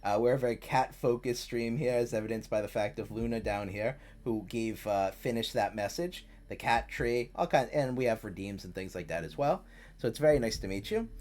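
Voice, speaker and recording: Streamer chatting to chat from home, mid voice, gets animated and sweary. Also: mid-range voice. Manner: animated, swears freely when ranting; soft cooing baby talk to the cat. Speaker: livestreamer. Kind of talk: casual livestream chat.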